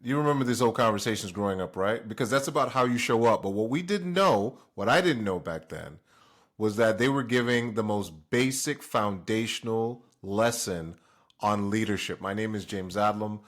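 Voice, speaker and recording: Low-voiced man, emphatic motivational host. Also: normal speed, a bit bright. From Jamaica. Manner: emphatic, fires rhetorical questions at the listener. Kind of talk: motivational talk.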